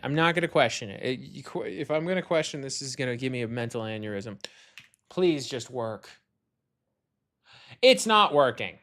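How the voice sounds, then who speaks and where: A young adult hobby game developer commenting casually while coding, exasperated, talking to themself and swearing often. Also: medium pitch. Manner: rants loudly at an online commenter.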